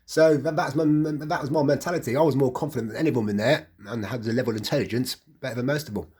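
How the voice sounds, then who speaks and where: A man's voice: medium pitch, fast talker, darkish tone, breathy edge. A middle-aged man with a West Midlands accent who tells a personal account in a rambling, repetitive way, full of stammered restarts. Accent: West Midlands English. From England. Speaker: vlogger.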